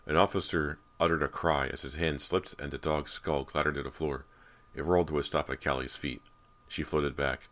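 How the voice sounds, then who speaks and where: Brief: male audiobook narrator, extremely low voice, measured and steady horror storytelling.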